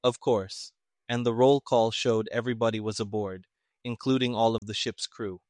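A frustrated, grumbling army major, voiced by a man reading aloud. He mutters his lines in a low, sour way. The sound is dry and close. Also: fairly even intonation, normal speed, a little mellow, no room sound, natural voice.

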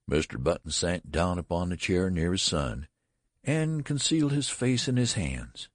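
A man narrating a literary story in an expressive, theatrical reading. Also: deep voice, measured pace, no echo, clean studio sound. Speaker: audiobook narrator.

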